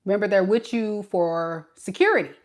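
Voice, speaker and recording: A woman's voice: medium pitch, normal speed. A woman giving a casual tarot reading, chatting animatedly and talking straight to her viewers. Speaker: tarot reader.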